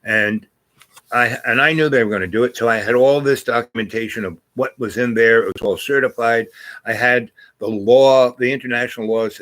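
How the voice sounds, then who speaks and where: This older man's voice is medium in pitch and a bit bright. Stiff and groaning after sitting too long, he meanders through his own stories in a loose, foul-mouthed way, packed with fillers and false starts.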